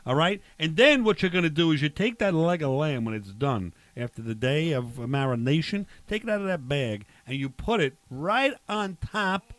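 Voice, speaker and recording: A man's voice: on the high side, lively intonation, normal speed, few pauses, no echo. A man hosting a comic barbecue cooking bit, talking in a rambling tough-guy drawl.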